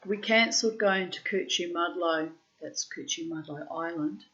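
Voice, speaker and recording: A woman's voice: lowish voice, normal speed, a bit bright, lo-fi sound. A woman reading her old diary posts aloud and commenting on them bluntly, with frequent swearing.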